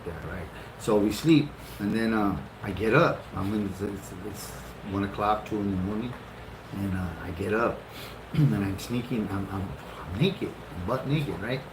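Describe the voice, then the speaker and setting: A middle-aged man casually telling a long, funny story, swearing freely and jumping up in pitch for retold lines. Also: normal speed, background noise. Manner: animated, profane, laughing often, jumps into high-pitched retellings. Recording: roomy echo.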